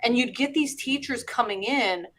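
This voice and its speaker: A middle-aged woman hosts a live stream, chatting casually as a teacher and laughing while she explains things. Her voice sits on the high side, a bit bright, at a normal pace.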